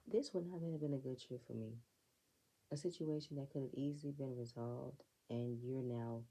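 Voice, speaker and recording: A woman's voice: extremely low pitch, creaky, dark tone, husky, rough recording. A woman giving a casual, blunt, opinionated recap of a reality show episode, with sassy asides. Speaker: reality TV reviewer.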